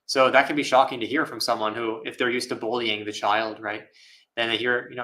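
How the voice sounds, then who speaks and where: Monk guy answering questions live, bright voice, laid back, lots of you knows and little laughs. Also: medium pitch, flat delivery, fairly quick, poor audio. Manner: casual, thoughtful, laughs often, many fillers. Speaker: Buddhist monk. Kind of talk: live Q&A dharma talk.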